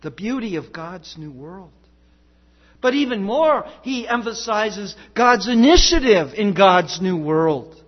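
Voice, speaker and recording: A man preaching a sermon as pastor, emphatic and rhetorical, swinging between loud declarations and hushed passages. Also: high voice, animated, slow, lo-fi sound.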